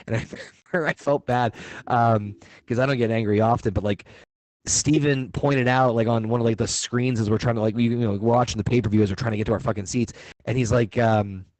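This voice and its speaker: A man's voice: medium pitch, darkish tone, no room sound, poor audio. A man telling a rambling anecdote on a casual stream, swearing freely as he goes. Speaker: guest. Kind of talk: casual storytelling.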